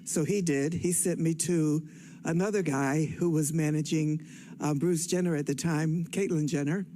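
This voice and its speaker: An older woman from Cleveland, giving an excited, rambling personal speech from a stage, a bit out of breath. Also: deep voice, normal speed. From Cleveland, Ohio. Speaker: guest speaker at an awards event. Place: stage at an event.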